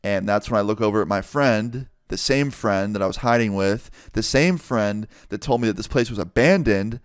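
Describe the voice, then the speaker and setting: A man's voice: lowish voice, normal speed, clear, resonant tone, dry recording. Young man telling a story, dry sound. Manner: animated, swears freely, acts out quotes. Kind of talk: casual storytime narration.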